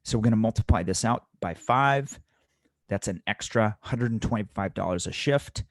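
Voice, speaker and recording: A man with a fairly low voice coaches restaurant servers, working through the numbers one step at a time. He presses the important points home by repeating them. The sound is dry and close, with no room echo. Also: moderate pace. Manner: emphatic, repeats key points. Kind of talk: instructional talk.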